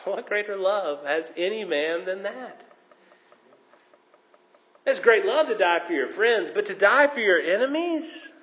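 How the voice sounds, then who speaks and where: Pastor, male, higher-pitched voice, expressive preaching style, recorded with long hall reverb. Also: takes it slowly, long pauses. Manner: animated, swinging from loud emphasis to hushed tones; jokes at his own expense. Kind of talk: sermon.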